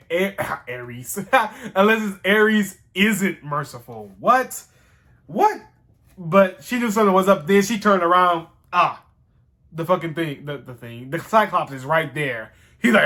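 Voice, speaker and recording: A man casually rambling through a show recap, excitable and slangy, with some swearing. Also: a little high.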